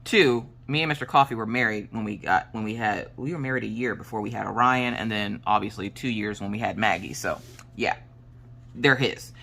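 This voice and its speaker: A woman's voice: a bass voice, a little fast, gravelly, a bit bright, a little hiss or hum. A woman in her late thirties from South Carolina, with a mixed Pennsylvania and Southern accent, telling a jokey story in a casual craft-along chat. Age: late 30s. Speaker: crafting vlogger.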